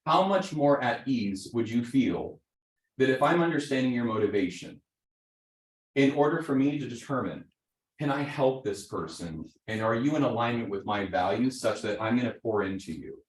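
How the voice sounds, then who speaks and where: A man teaching a live real estate seminar to an audience, animated, often checking in with "right?" and acting out sample conversations. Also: medium pitch, moderate pace. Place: training room with audience. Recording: roomy echo.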